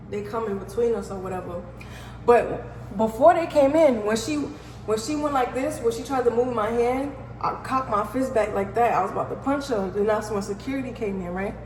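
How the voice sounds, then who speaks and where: A young woman from New York with a matching accent, telling a storytime vlog in a loose, profane, slang-heavy way. Her voice sits a little high, and the room around her rings with a long echo. A faint ambient hum runs underneath. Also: moderate pace, darkish tone. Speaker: vlogger. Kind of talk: casual storytime.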